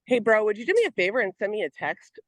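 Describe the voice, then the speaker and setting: A participant on a group call talking while out walking, out of breath, playful and quick to laugh. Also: mid-range voice, very animated, no room sound. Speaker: panel participant. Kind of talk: casual group video-call chat.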